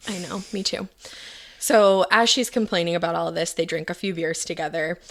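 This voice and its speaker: Low gravelly woman telling a story. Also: brisk, fairly bright tone. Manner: chatty, filler-heavy retelling with quoted voices. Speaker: podcast host. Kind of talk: casual true-crime storytelling.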